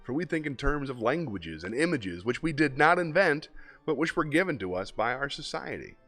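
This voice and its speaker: A relaxed man hosting a live variety stream, chatting with viewers in an easy, offhand way. When he reads poetry he drops into a deep, measured radio voice. Faint music plays under him. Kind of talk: casual live-stream chat and poetry reading.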